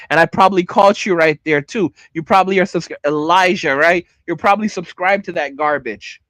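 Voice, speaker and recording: A man's voice: high voice, brisk, hardly any pauses, fairly bright tone, dry recording. A man hosting a livestream, ranting angrily at chat and repeating himself. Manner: angry, heated, repeats himself. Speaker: channel host. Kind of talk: livestream rant reacting to chat.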